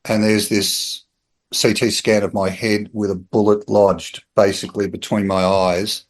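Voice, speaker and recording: A middle-aged Australian man, a podcast guest, telling a story in an animated, chatty way and acting out the people in it. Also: on the low side, unhurried. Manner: animated storyteller, acts out quoted voices, chuckles. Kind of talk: casual anecdotal storytelling.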